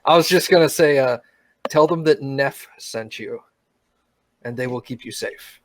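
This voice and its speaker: A man's voice: mid-range voice, normal speed, no room sound. A man playing a tabletop game, talking hesitantly and playfully. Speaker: player.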